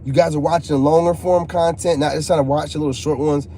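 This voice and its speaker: Laid back guy w/ joking with his chat, kinda high voice, mellow. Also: steady tone, fast talker, a little hiss or hum. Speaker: channel host talking to live chat. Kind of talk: casual live-stream chat.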